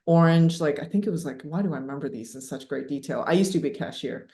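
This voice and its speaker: A woman in her thirties telling a personal story as a podcast guest, animated and laughing, with many fillers. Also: deep voice, fast. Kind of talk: casual storytelling interview. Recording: echoey room.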